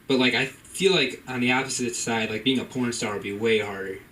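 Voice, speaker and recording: A young man doing open-mic stand-up in a comedy club, rambling and deadpan. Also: medium pitch, brisk. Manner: laid-back, rambling, deadpan asides. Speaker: stand-up comic. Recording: distant mic, faint room noise.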